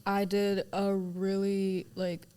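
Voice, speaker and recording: A young woman chatting as an interview guest about her stage roles, bubbly and quick to laugh as she tells her stories. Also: medium pitch, completely flat delivery, warm tone, clear, resonant tone. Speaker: guest, student actor. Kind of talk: casual interview chat.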